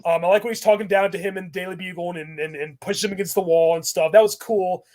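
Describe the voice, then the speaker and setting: Man, high voice, podcast host, casual rant, animated, laughs a lot. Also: quick pace. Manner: animated, rambling, laughs often.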